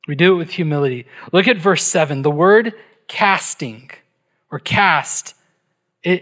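A man's voice: sits high, fairly bright tone. A middle-aged man preaching a sermon as pastor, emphatic, asking his listeners rhetorical questions and checking in with "right?".

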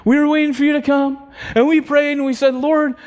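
A man putting on a frantic high-voiced woman. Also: very animated, fairly quick. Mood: excited. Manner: breathless, stammering, high-pitched. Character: frantic, panicked woman pleading for help.

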